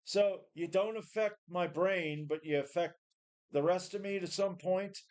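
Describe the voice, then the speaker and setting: A man's voice: high voice, unhurried, a little mellow. A tired, run-down man ranting in a rambling, profane way, often repeating and restarting. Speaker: home gym vlogger. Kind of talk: casual rant to camera.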